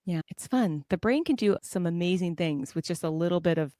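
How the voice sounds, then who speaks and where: A woman's voice: lowish voice, fairly quick, dry recording. Chatty storytelling woman, dry sound. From Southern California. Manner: lively, self-deprecating, laughs often while telling stories. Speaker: guest author. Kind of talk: casual conversational storytelling.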